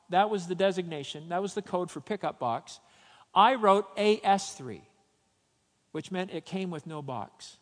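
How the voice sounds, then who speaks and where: A man's voice: high-pitched, a bit bright, long reverb tail. A man preaching a sermon, telling a personal story and then urging his listeners with rising emphasis. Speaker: pastor.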